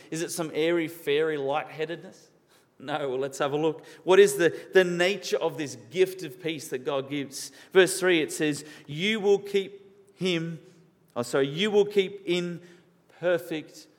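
A man preaching a sermon in an earnest, questioning way, repeating key words for emphasis. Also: a little high. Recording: long reverb of a large hall.

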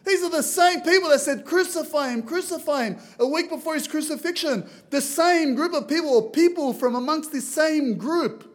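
Loud high-voiced Lebanese preacher. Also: male voice, normal speed, hardly any pauses. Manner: loud, earnest preaching, reads scripture aloud. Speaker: visiting preacher. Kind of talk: sermon. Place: church.

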